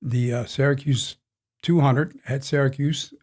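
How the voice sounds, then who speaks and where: A man's voice: medium pitch, fairly even intonation, a little slow, a little mellow. Man in his sixties, racing crew chief, casual rambling storyteller, chuckles often. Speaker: NASCAR crew chief guest.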